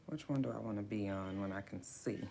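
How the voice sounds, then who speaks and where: A woman's voice: rumbling low, brisk, gravelly, dark tone, slight background noise. A woman hosting a book club livestream, greeting viewers by name in a chatty, drawling way. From West Coast of the United States. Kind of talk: casual livestream chat.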